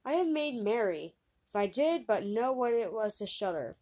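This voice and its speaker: A woman's voice: on the high side, very animated, moderate pace. Woman reading as a brash fearless youth. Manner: brash, loud exclamations. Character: bold fearless young man, cheeky and cheerful.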